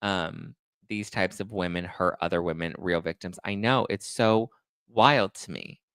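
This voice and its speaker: A man's voice: low-pitched, unhurried, gravelly, fairly bright tone, clear, resonant tone, no echo. A man hosting a gossip commentary show, reading articles aloud and ranting at them sarcastically, getting more and more worked up.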